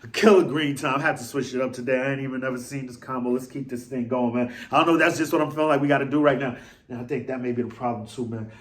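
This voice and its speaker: A man's voice: mid-range voice, steady tone, racing, fairly bright tone. A man hosting a fan vlog, ranting in a rambling, slangy and self-mocking way. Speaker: vlog host.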